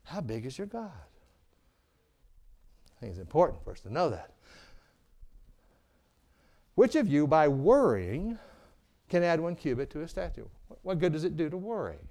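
A middle-aged man preaching a sermon, calling for amens and swinging from booming to hushed. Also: sing-song, moderate pace, pauses often. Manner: preaching with call-and-response, asking "Amen?". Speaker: pastor.

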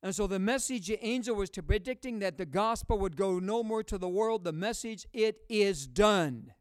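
High-voiced preacher guy, punchy call-and-response sermon, very dry sound. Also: brisk, clear, resonant tone, no room sound. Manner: booming rises on key words. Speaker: pastor.

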